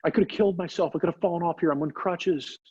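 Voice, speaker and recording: A man voicing an exasperated young male athlete on crutches, shouting in disbelief. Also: fairly high pitch, fast, breathy edge, dry recording, lo-fi sound, voice pushed up. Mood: incredulous.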